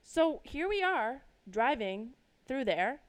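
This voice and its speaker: A young woman from Colorado hosting her own podcast, telling a personal story casually, swearing freely and bursting loud at the dramatic parts. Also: sits high, sing-song, slow pace, smooth. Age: young adult. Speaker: podcast host. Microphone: desk microphone.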